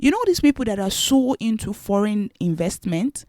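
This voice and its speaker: A woman's voice: medium pitch, very animated, normal speed, mellow, dry recording. A young woman vlogging her opinions, exasperated and rhetorical, repeating her questions for emphasis. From Nigeria. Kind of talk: opinionated commentary to camera.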